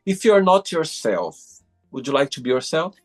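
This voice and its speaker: A man's voice: a little high, very animated, moderate pace, soft background music. A man hosting an interview show over a video call, encouraging his guest and reading out questions with slightly uneven phrasing. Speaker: host. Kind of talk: interview host.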